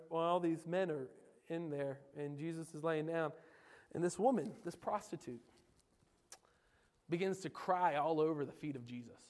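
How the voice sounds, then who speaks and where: Man, youth pastor, lively jokey sermon, fairly high voice, long hall echo. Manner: animated, jokey, asks the audience questions. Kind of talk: informal sermon.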